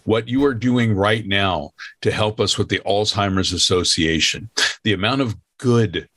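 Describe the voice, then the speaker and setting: A man's voice: lowish voice, a little slow, fairly bright tone, dry recording, studio quality. A man hosting a charity stream, talking in a heartfelt, emphatic way. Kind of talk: casual chat.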